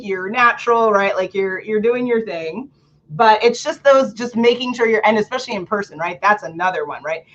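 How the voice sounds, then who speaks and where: A lively woman hosts a book club stream in a chatty, animated way, scattering "like" through her sentences and laughing often. Her voice sits in a middle range. The audio is a bit dull and lo-fi, as from a home streaming setup. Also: medium pitch. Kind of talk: casual livestream talk on public speaking. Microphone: home computer or camera setup.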